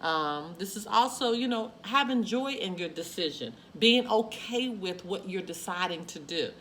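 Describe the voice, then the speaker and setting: A woman's voice: mid-range voice, lively intonation, moderate pace, a bit bright, slight background noise. A woman reading tarot cards for her viewers, emphatic and repetitive, with frequent exclamations. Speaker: tarot reader. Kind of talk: spoken tarot card reading.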